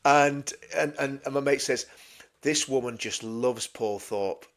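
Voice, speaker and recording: A man co-hosting a casual livestream chat, telling a story and acting out other people's voices as he goes. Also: unhurried. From England. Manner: animated anecdote-telling, mimics voices with big pitch jumps. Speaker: co-host of a political livestream.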